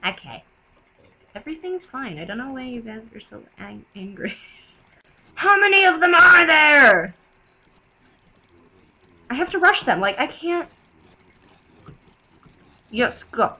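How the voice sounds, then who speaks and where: A young woman giving excitable game commentary, laughing often and shrieking when things go wrong, with music behind her. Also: a little high, a little slow, pauses often, slightly rough, poor audio. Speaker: gaming video host.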